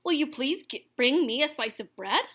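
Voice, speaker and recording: A woman's voice: high-pitched, expressive, normal speed, fairly bright tone. A woman reading aloud and voicing a polite, insistent bunny mother.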